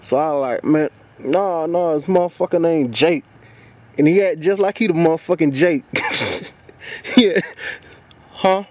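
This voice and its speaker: A young man telling a story about a fight at work in a casual, profane, animated way, acting out what each person said. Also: a little high, unhurried, pauses often. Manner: profane, animated, acts out quoted voices with laughs.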